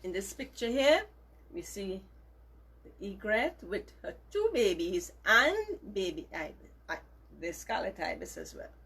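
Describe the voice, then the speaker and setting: Lady reading a kids' story, husky voice, sing-songy and bouncy, says things twice. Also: mid-range voice, sing-song, a little slow. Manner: gentle, repetitive, emphatic storytelling with voiced bird parts. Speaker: children's storyteller and teacher. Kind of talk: storytelling to children.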